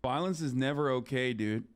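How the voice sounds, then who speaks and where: A man's voice: fairly high pitch, a bit bright. A young man on a live stream, talking bluntly and swearing as he reads and answers chat.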